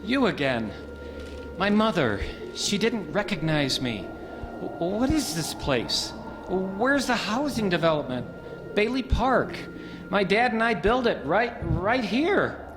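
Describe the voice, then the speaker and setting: A man's voice: sits high, big pitch swings, slow pace, full character voice. A man playing a desperate family man in an amateur church stage play, pleading and then overjoyed. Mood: bewildered. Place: church hall. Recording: echoey hall with faint music.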